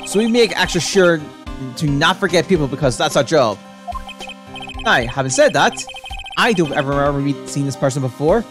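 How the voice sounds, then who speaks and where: A woman voicing a good-natured but dim male police detective in a gruff, lowered voice, with game music behind. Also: expressive, normal speed. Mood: sheepish.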